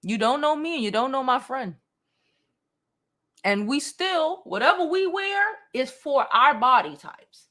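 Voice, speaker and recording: A direct woman hosts a beauty livestream and answers comments without softening anything. Her voice sits high and bright, and her pitch swings widely. She swears casually. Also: animated, a little slow. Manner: blunt, direct, swears freely. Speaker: beauty channel host.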